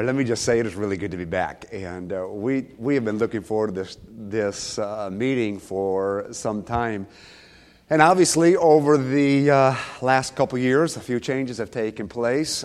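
A preacher with a cold and a slight cough, opening his sermon in a relaxed, joking, self-deprecating way. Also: lowish voice. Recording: long hall reverb.

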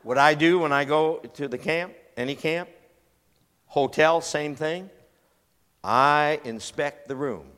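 Man preacher, folksy storytelling sermon, forceful bright voice, long hall reverb. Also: on the high side. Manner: animated, folksy, acts out voices and screams. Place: large church hall.

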